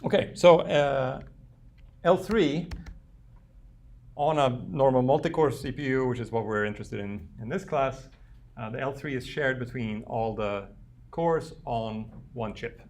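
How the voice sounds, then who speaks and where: A man's voice: mid-range voice, unhurried, darkish tone. A man giving a university lecture, thinking aloud with frequent fillers and restarts. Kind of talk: classroom lecture. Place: lecture room.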